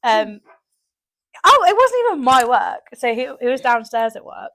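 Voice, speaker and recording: Animated young woman. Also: high-pitched, normal speed. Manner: animated storytelling, mimics people. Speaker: podcast co-host. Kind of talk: casual chat.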